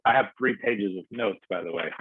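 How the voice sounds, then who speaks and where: Deep raspy guy hosting, sounds like it's over a phone line. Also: brisk, slight background noise. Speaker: host. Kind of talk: live show hosting. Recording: tinny phone-like line, a bit distant.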